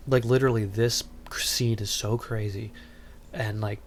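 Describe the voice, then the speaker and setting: A male podcast host with a somewhat low voice, talking through a movie plot in a loose, casual way. He rambles, fills gaps with ums, and drops in dry, amused asides. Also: fairly even intonation, measured pace, slight background noise. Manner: rambling, frequent ums, wry.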